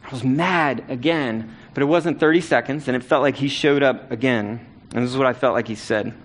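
A man's voice: mid-range voice, brisk. A middle-aged man preaching a sermon, telling a personal story earnestly and building to emphatic repeated calls to action. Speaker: pastor.

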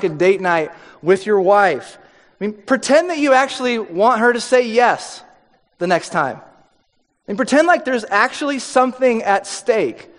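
A man's voice: sits high, fairly bright tone. A man in his thirties preaching a sermon in a conversational way, often acting out quoted voices. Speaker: pastor. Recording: long hall reverb.

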